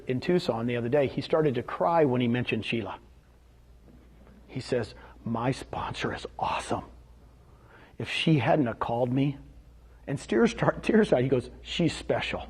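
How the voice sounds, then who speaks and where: A middle-aged man giving an energetic motivational sales talk to a live audience, often quizzing his listeners with rhetorical questions. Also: mid-range voice, husky. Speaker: seminar speaker.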